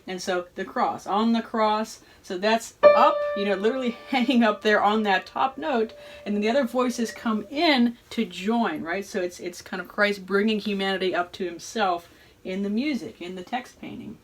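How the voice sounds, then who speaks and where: A woman's voice: medium pitch, low-quality recording. A woman hosting an informal music analysis lesson, reflective and thinking aloud, often checking in with "right?". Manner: reflective, explains with frequent "right?" and hesitations. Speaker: music educator and host. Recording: voice over loud playing music. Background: loud choral and organ music playing underneath.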